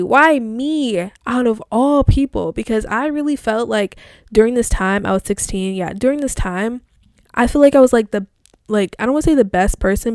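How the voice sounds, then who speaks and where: A woman's voice: on the high side, mellow, no room sound, studio quality. A young woman hosting a casual solo podcast, reflecting aloud as she reads her old online posts, talking in a chatty, reflective way full of fillers. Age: young adult. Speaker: podcast host.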